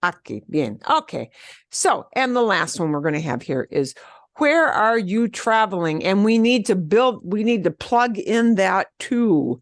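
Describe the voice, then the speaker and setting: A middle-aged woman teaching a beginner Spanish class, upbeat and encouraging, modeling phrases slowly so students can repeat them. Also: mid-range voice, lively intonation, dry recording. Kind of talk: online beginner language class.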